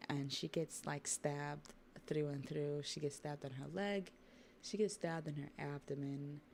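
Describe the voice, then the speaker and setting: A woman hosting a livestream, chatting casually about a manga while drawing, with relaxed asides to her viewers. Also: sits low, vocal fry, slight background noise. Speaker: livestream host.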